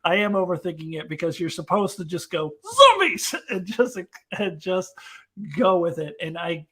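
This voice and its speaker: A woman hosting a casual live discussion stream, talking in an animated, ranting way. She builds her points with exasperated energy and slips into mocking little voices as she goes. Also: lowish voice, normal speed, slightly rough. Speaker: host.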